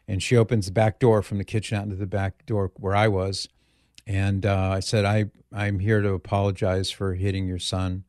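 A middle-aged man hosting a talk radio show, telling stories in a relaxed way with fillers, in a studio. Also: on the low side, dry recording. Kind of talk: casual talk radio chat. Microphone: studio microphone.

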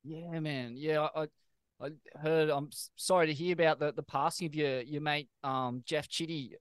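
A man hosting a podcast, speaking softly and hesitantly, with admiration for his guest. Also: fairly high pitch, steady tone, normal speed, smooth, no room sound. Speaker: podcast host. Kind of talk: casual interview chat.

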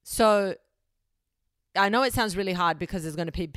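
A woman's voice: mid-range voice, moderate pace, a bit bright, clean tone, no echo, studio quality. A young woman hosting a solo advice podcast, speaking bluntly and frankly, with casual swearing. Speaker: podcast host.

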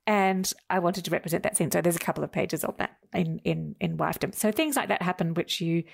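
A woman's voice: lowish voice, brisk, gravelly, husky. A woman author telling stories as a guest in an interview, laughing now and then. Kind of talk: relaxed storytelling in conversation.

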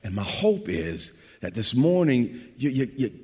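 Husky-voiced preacher in a reverberant church. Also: male voice, sing-song, a little slow, few pauses. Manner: building from low, quiet delivery to loud, shouted preaching. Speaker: pastor. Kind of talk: sermon.

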